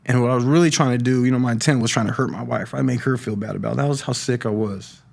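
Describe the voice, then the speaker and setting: A middle-aged man giving a personal testimony on a podcast, talking in a halting way with many restarts and repeated words. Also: medium pitch, creaky, a little mellow. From California. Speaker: podcast guest sharing recovery story. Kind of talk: personal testimony, casual talk.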